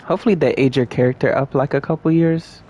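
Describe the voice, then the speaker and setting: A man's voice: on the high side, fast talker, a little mellow. A young man giving casual, playful commentary while playing a video game and talking to his viewers. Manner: chatty, playful, talks to viewers. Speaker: gameplay streamer.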